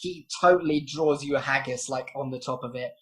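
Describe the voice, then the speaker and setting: A woman's voice: a bass voice, fairly quick. A woman narrating as game master, rambling with fillers and giggles.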